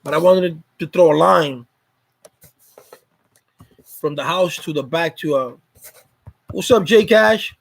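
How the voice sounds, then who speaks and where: A man's voice: fairly high pitch, takes it slowly, gravelly, long pauses, low-quality recording. A man hosting a casual live stream chat, greeting viewers by name in a loose, repetitive way.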